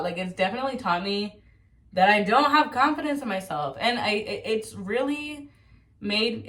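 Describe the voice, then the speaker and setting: A woman's voice: mid-range voice, distant mic. A woman in her twenties rambling casually at home, chatty and slangy with a lot of swearing. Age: 20s. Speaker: vlogger. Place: at home while cutting her hair.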